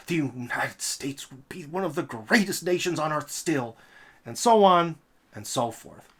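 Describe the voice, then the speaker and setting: A man's voice: a little high, animated, a little slow, a bit bright, breathy edge. A man hosting a political commentary monologue, talking in an emphatic, rhetorical way with sarcastic asides. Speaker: host.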